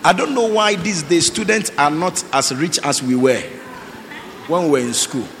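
A man's voice: on the high side, lively intonation, normal speed, a bit bright. Exhorting male preacher in an echoey hall. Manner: exhorting, repeats short commands, quizzes the congregation. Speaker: pastor. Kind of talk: sermon calling for offerings. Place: church. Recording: echoey hall with faint noise.

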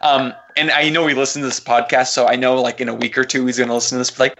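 Bright-voiced joking Southern man. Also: mid-range voice, flat delivery, very fast, hardly any pauses, a little hiss or hum. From American South. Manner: joking, loose and profane. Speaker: podcast co-host. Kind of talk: casual podcast chat.

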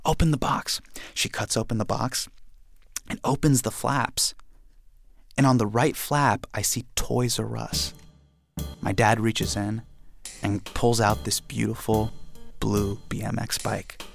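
Gravelly man telling an animated story. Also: fairly low pitch, slow pace, pauses often, faint music behind. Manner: animated, acts out the scenes. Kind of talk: personal storytelling.

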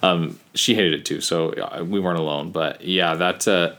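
A man's voice: low-pitched, steady tone, normal speed, a bit bright. A man in his late twenties, a podcast co-host, rambling in casual chat with lots of fillers and frequent laughs.

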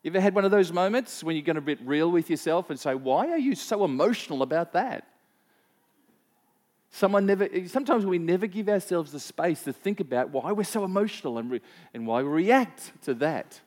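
Preaching with lively intonation at a fairly quick clip, this pastor has a high-pitched, darkish voice. His sermon is conversational, built on personal stories and questions to the congregation, with frequent repeats and fillers.

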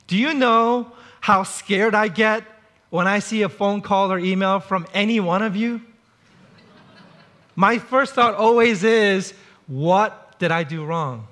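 A man with a high, bright voice preaches to his congregation. He talks in a relaxed, conversational way, slipping into short acted-out quotes to make his points. He sounds middle-aged. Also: a little slow. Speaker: pastor. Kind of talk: sermon.

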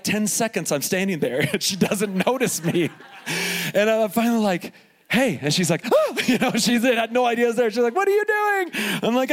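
Man, forties, pastor preaching at a live event, animated storytelling, humorous asides, slightly high voice. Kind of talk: sermon.

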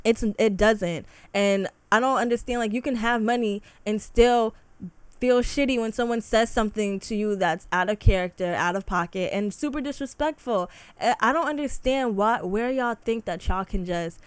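A woman's voice: on the high side, moderate pace, clear, resonant tone, no echo. A young woman hosting a solo podcast, talking in an impassioned, heated way full of "like" fillers. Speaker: podcast host. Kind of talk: casual solo podcast rant.

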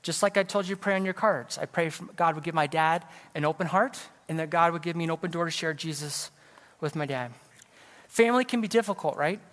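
A middle-aged Californian evangelist preaches a sermon in a church sanctuary, his voice on the high side, brisk, and a bit bright, with a long reverb tail. He tells a personal story conversationally, sprinkling in self-deprecating jokes.

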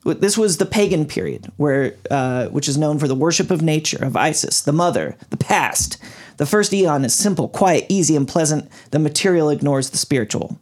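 A man hosts a casual podcast and walks his friends through a long explanation. His pitch swings widely and he keeps an easy, chatty pace. He trips over unfamiliar names now and then. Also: expressive, moderate pace. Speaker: podcast host.

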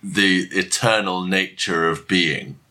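Deadpan man with a very low, bright voice. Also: slow pace. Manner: deadpan, grandiose, playing an all-knowing being. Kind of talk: casual discussion chat.

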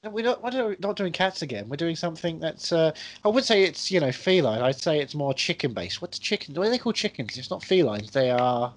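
A male podcast co-host riffing in loose, jokey banter. His voice sits a little high and swings widely in pitch, rambling through deadpan bits. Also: a little fast, hardly any pauses. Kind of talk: casual banter.

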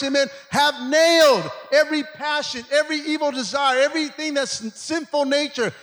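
In a church sanctuary with long hall reverb, a pastor preaches to his congregation in a very high-pitched, slightly bright voice. His delivery is preachy call-and-response, peppered with "amen" and "come on."

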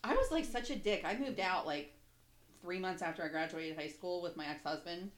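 A woman's voice: on the low side, moderate pace. A young adult woman chatting casually as a podcast co-host, laughing often and telling stories animatedly. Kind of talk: casual chat. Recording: echoey room.

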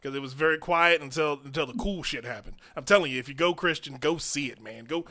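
A man hosting a comedy podcast, chatting excitably and laughing often as he tells stories. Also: fairly high pitch, fast. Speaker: podcast host. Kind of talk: casual comedy podcast chat.

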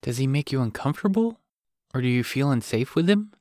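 Man doing excited teen girl, high and pushy, dry close audiobook sound. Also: fairly quick, no echo, lightly acted. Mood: curious. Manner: eager and pushy. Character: excited, teasing teenage girl about to start college.

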